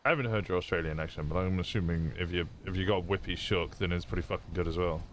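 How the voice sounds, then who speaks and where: Chatty low-voiced male streamer. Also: fast, slight background noise. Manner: chatty and curious, swears casually, trails off mid-sentence. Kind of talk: casual out-of-character chat on a role-play stream.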